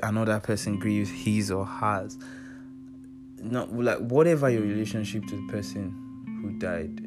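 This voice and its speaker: Earnest Nigerian man, low voice. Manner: earnest, emphatic, repeats himself for stress. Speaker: vlogger sharing personal advice. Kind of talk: casual heartfelt monologue. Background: soft guitar music.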